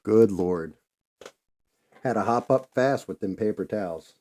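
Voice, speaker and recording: A man's voice: on the low side, unhurried, warm tone. A man hosting a casual painting livestream, rambling loosely and swearing freely.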